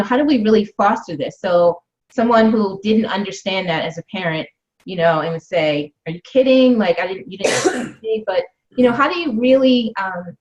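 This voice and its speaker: A woman hosting an interview, asking long rambling questions filled with "you know" and "um". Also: medium pitch. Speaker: podcast host. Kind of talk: casual interview. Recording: dull lo-fi sound.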